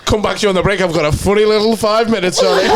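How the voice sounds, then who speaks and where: A young man, a podcast co-host and stand-up comedian, telling a story casually with lots of swearing, laughter and acted-out quotes. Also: sits high. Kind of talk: casual chat. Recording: noisy podcast recording.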